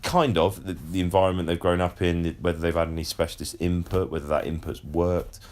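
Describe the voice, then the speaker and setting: A man with a very low, deep voice hosts a relaxed podcast conversation. He explains things at length in a casual way, stumbling over repeated words as he gets going. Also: a little fast. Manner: chatty, swearing, repeats words when explaining. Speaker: podcast host.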